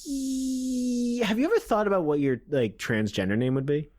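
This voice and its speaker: A man in his twenties co-hosting a comedy podcast, chatting casually with teasing, deadpan comebacks. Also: high-pitched, normal speed. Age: 20s. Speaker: podcast co-host.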